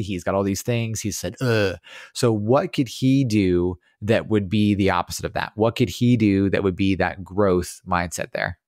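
Guy hosting a podcast, kinda low voice, upbeat and affirming, dry close sound. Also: dry recording. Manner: enthusiastic, affirming. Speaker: podcast host. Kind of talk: casual interview chat.

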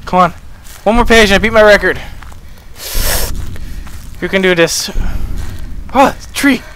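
A young man talks his way through a horror game with a bright, edgy voice that sits a little high. He curses at his character and admits how scared he is. A faint hiss of noise runs under the recording. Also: unhurried. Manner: jumpy and profane, yelling at the character, screaming at scares. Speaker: gameplay commentator.

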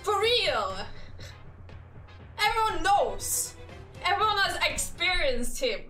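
A woman rants in casual, foul-mouthed exasperation, laughing between complaints. Her voice sits high and bright, and she takes her time. The recording is roomy and distant, with faint music in the background. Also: sing-song, takes it slowly. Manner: profane, exasperated, laughing often. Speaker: gaming creator. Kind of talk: casual ranting commentary. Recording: echoey room, distant mic, faint music.

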